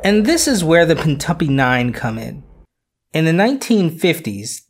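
Chatty history podcaster with jokey asides. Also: mid-range voice. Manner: conversational, repeats words, self-deprecating asides. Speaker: podcast host. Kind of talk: casual history podcast narration.

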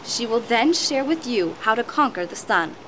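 Gentle mother played by a woman, calm and patient. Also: on the high side, normal speed, a little hiss or hum. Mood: advising.

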